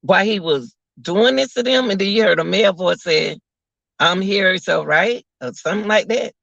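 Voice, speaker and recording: Gravelly, bright-voiced man ranting to viewers. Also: sits high, moderate pace, dry recording. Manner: incredulous, repeats phrases, talks to viewers as y'all. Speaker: commentary vlogger. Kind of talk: casual live commentary. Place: at work, away from home. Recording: dull lo-fi audio.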